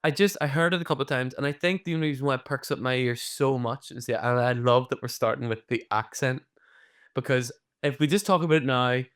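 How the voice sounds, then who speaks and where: Guy cohosting, clear smooth voice, swears a lot, animated. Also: mid-range voice. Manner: animated, swears freely, quick reactions. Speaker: podcast co-host. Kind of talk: casual podcast chat.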